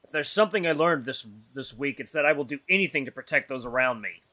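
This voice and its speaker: A man's voice: medium pitch, lively intonation, fast talker, pushed and bright. A man voicing a serious young male wolf heir as he reads a visual novel aloud, with an earnest, solemn delivery. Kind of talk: voiced visual novel reading.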